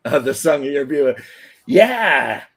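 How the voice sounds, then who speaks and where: A man's voice: a little high, very animated, unhurried. A man in his thirties, a former firefighter, telling rambling, profane stories in casual chat. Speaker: podcast host, former firefighter.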